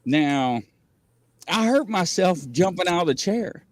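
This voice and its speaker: Studio-quality audio with no room sound captures this paranormal variety show host's high, unhurried voice. He leads a casual livestream full of animated, rambling stories and frequent laughs.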